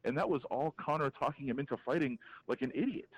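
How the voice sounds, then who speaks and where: Male sports reporter on a podcast call, mid-pitched, animated and opinionated, talks in quick restarts. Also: muffled recording. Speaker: MMA reporter, guest. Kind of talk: casual podcast interview, calling in.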